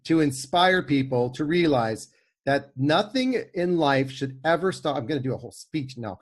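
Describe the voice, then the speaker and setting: Pria Inggris bersuara agak tinggi, banyak omong. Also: male voice, fairly high pitch, animated, moderate pace. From United Kingdom. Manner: chatty, rambling, enthusiastic. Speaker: podcast co-host. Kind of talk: casual chat.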